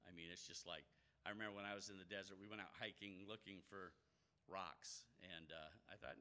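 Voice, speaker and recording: A man pastor giving a conversational sermon with animated storytelling. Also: low-pitched, a little fast, clear, resonant tone.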